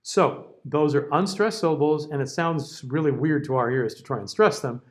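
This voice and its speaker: Diction teacher, a man with a higher voice. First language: English. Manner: checks in often with "okay?" and "all right?"; reads out word lists slowly and deliberately. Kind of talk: classroom lecture.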